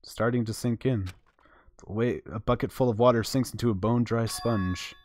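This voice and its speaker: A man streaming a visual novel, reading the narration aloud in a casual, animated way. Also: medium pitch, moderate pace, a little hiss or hum. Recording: faint background game music.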